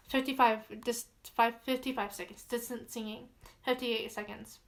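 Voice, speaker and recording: A woman with a slightly raised pitch reads a creepy log aloud in a loose, casual way. She is chatty and easily spooked, and she fills her pauses with ums. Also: steady tone, fairly bright tone. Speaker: vlogger.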